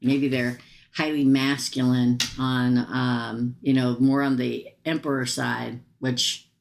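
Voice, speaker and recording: Low-voiced woman giving a tarot reading. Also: flat delivery, slow pace, gravelly. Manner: chatty, emphatic, repeats advice. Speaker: tarot reader.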